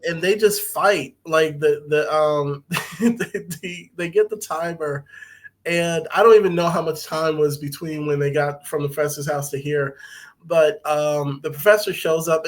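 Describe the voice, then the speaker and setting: A man casually recapping a TV episode on a podcast, loose and profane, with lots of fillers and laughter. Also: fairly high pitch.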